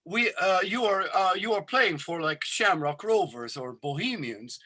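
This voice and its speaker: A man voicing a Swedish driver who speaks slow, halting, broken English with a Swedish accent. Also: sits high, animated, bright, forceful tone, full character voice. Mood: insistent.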